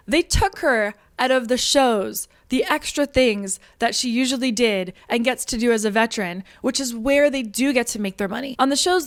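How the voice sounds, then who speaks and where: A woman's voice: high voice, no echo, clean studio sound. A woman in her thirties, from Canada, delivering a casual opinion monologue to camera, emphatic and indignant, laughing often. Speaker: vlogger.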